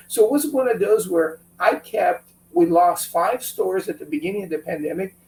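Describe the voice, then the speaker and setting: A man telling a business story in an interview, animated and acting out what friends said. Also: high voice, vocal fry. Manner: animated, acts out quotes from friends. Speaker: business owner guest. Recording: echoey room, a bit far from mic, faint hum.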